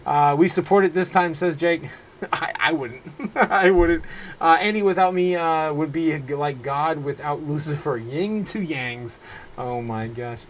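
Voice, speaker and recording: Recorded roughly with a faint hiss or hum, this slightly high-voiced man in his thirties runs a casual crypto stream from a room at home. He meanders through comments from viewers, laughing a lot and breaking off to restart his sentences.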